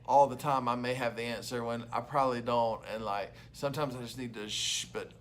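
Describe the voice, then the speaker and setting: A young adult man, a youth pastor, giving an energetic, loud and chatty devotional talk to camera. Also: mid-range voice, a little fast.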